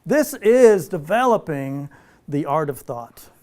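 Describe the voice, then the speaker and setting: Laid-back man teaching a spiritual group. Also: on the high side. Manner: relaxed, playful, laughs often, slows for emphasis.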